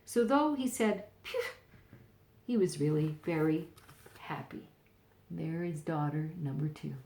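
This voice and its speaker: An older woman, a grandmother, reading a storybook aloud gently and pointing out the pictures. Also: deep voice, unhurried, reverberant.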